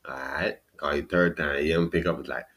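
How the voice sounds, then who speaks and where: A man with a New York accent hosting a casual podcast chat. He laughs often, swears freely and retells stories in an animated way. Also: a bass voice, a little fast. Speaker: podcast host.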